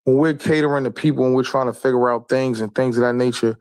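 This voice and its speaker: A man's voice: medium pitch, fairly even intonation, fast, a little mellow, dry recording. Insistent New man, dry sound. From Queens, New York. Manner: insistent, argumentative, repeats himself to make a point. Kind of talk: heated conversation.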